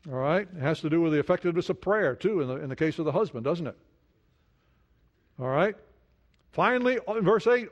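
Male pastor with a slightly higher voice, dynamic preacher who goes loud, then drops to a hush, and keeps asking the congregation questions. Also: expressive, fairly quick, pauses often, muffled recording. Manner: dynamic preaching, swings from loud emphasis to hushed near-whisper; asks the listeners many questions. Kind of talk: sermon.

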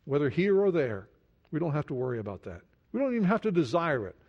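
Male pastor with a slightly higher voice, dynamic preacher who goes loud, then drops to a hush, and keeps asking the congregation questions. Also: very animated, fast, dull audio. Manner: dynamic preaching, swings from loud emphasis to hushed near-whisper; asks the listeners many questions. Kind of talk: sermon.

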